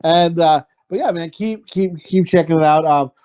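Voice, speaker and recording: A man's voice: fairly high pitch, moderate pace, darkish tone. A man hosting a comedy podcast in casual chat, crude and teasing. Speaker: podcast host.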